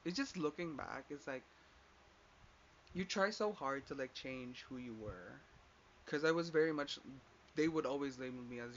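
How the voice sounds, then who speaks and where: A man's voice: medium pitch, lively intonation, moderate pace, pauses often, fairly bright tone. A young man telling a personal story in a casual rant, rambling with lots of filler and swearing as he quotes others. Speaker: podcast host. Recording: dull lo-fi sound with faint background noise.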